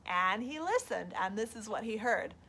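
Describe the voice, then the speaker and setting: A woman librarian reading a picture book aloud at a children's storytime, animated and asking the kids questions. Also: on the high side, moderate pace.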